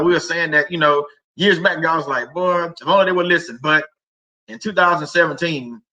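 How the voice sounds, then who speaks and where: A man's voice: a little high, sharp tone, rough recording. A middle-aged man hosting a casual faith talk stream, rambling and conversational with many fillers and restarts. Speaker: livestream host.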